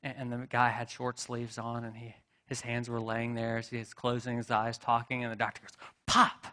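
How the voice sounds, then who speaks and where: A man's voice: mid-range voice, monotone, fairly quick, fairly bright tone. Conversational male pastor preaching. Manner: conversational storytelling with asides and rhetorical questions. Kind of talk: sermon. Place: church sanctuary.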